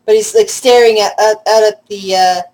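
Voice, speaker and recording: A woman narrating a tabletop role-play as game master, halting with frequent restarts. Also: mid-range voice, steady tone, a little mellow, low-quality recording. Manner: halting, many restarts and fillers.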